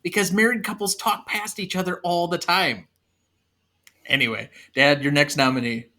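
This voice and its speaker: A man hosting a podcast in casual chat, lively and joking as he steers the talk. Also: high-pitched, moderate pace. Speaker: podcast host.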